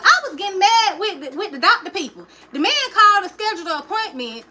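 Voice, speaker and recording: A young woman tells her own story on a livestream in an emotional, chatty way and keeps turning to her viewers. Her voice sits high and rings bright. Faint noise hums under her talk. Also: animated, fast, poor audio. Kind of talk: casual personal storytelling.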